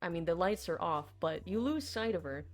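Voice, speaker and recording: A woman's voice: on the low side, expressive, moderate pace, soft background music. A woman playing a tabletop game, talking casually in character and hedging with many fillers. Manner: hesitant, full of fillers. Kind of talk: casual in-character role-play.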